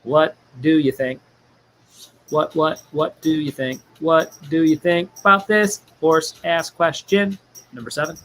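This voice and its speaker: A man's voice: fairly high pitch, fairly even intonation, measured pace, a bit bright, a little hiss or hum. A man hosting a casual livestream trivia game, joking, laughing often and reading viewer chat aloud.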